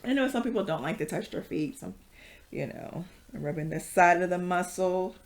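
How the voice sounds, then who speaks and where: A woman's voice: fairly low pitch, animated, normal speed. A woman leading a casual yoga class, chatty and rambling, with many fillers and frequent laughs. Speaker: yoga instructor.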